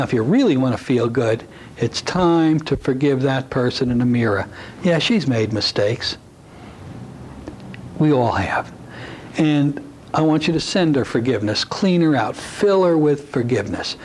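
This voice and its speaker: On a low-quality recording, a hypnosis instructor with a fairly high pitch and darkish tone teaches his class a technique. He keeps it folksy and conversational, addressing asides to the audience.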